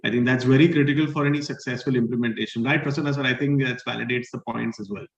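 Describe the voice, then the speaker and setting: Fast-talking moderator, dull echo. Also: male voice, medium pitch, steady tone. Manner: agreeable, brief affirmations and summaries. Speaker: panel moderator. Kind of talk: panel discussion. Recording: dull echoey sound.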